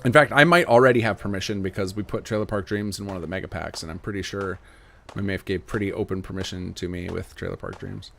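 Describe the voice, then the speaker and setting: A man's voice: sits low, steady tone, quick pace, gravelly, a bit bright. A man in his thirties chatting casually on a livestream, answering viewer questions in a rambling way with many fillers and restarts. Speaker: mod developer and streamer.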